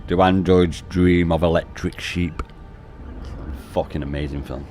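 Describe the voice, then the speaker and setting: Male streamer, deep, matey and relaxed, swears casually. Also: a little slow. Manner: laid-back, sweary and matey, saying "mate" often. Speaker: game streamer. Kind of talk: casual live-stream chat.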